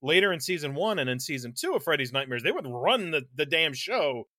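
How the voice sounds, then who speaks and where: A man's voice: on the high side, sing-song, fairly quick, bright, forceful tone, no room sound, clean studio sound. A man co-hosting a podcast, telling a long, rambling story in casual chat, laughing mid-sentence and swearing casually. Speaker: podcast co-host.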